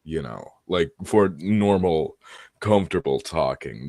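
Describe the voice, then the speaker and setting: Brief: young man, very low voice, unhurried, dry close sound, halting and casual. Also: dry recording. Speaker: tabletop game player. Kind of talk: casual gaming chat.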